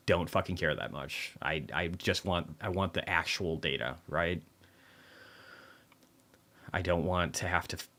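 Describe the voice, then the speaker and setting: A man's voice: deep voice, fairly bright tone. A man hosting a casual livestream market commentary, talking bluntly with plenty of swearing and dry sarcasm, rambling through asides and restarts. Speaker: livestream host reviewing markets.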